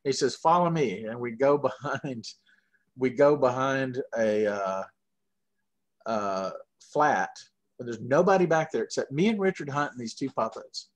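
A middle-aged man from Georgia with a Southern accent, telling long, animated anecdotes full of fillers in a casual interview. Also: mid-range voice, unhurried. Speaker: guest puppeteer.

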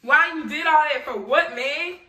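High-pitched excitable young woman vlogger. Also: crowd noise. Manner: excitable, exclaiming, slangy, quick to shout in frustration. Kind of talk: casual prank vlog talk to camera.

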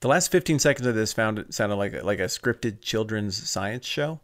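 A podcast co-host chats casually with dry, teasing humor. His voice is fairly low with lively intonation and a moderate pace.

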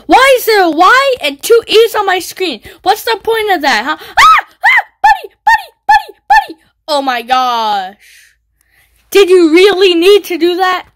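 High-voiced woman goofing around on a game stream, bouncy pitch, squeals n yells at other players. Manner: goofy, teasing, yelps and squeals when hit. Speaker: gaming video creator. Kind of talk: gameplay commentary.

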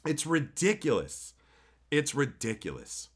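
A man's voice: mid-range voice, very animated, measured pace, husky. A man with a Canadian accent ranting on a live stream, profane and heated as he talks to his viewers.

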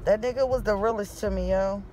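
A woman's voice: medium pitch, fairly even intonation, a little fast, warm tone, faint music behind. A woman from Philadelphia recording a raw, grieving vlog from her car, with heavy swearing. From Philadelphia, USA. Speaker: vlogger. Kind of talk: emotional selfie vlog.

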